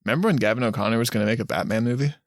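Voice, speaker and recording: Brief: even-toned male podcast co-host, dry studio sound. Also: medium pitch, rapid-fire, dry recording. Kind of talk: casual movie discussion.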